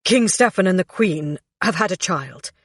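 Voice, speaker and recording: A woman's voice: lowish voice, lively intonation, breathy edge, no room sound, clean studio sound. A woman reading an audiobook, voicing a nervous male servant, a bird turned into a man, who talks hesitantly and fidgets. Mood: rushed. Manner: hesitant and fidgety, then rushed.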